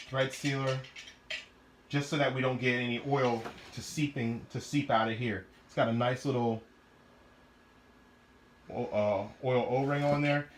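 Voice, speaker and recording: A man's voice: mid-range voice, slight background noise. Rambling man in an echoey garage. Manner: rambling, loose, many fillers and restarts. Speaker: car build vlogger. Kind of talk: casual show-and-tell of car parts.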